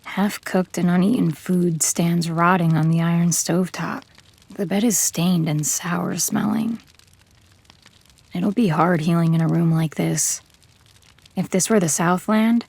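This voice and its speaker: A woman narrating an audio drama in first person as a tough, terse gunslinger, in a measured, hard-bitten way. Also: lowish voice, fairly even intonation, gravelly, a little mellow.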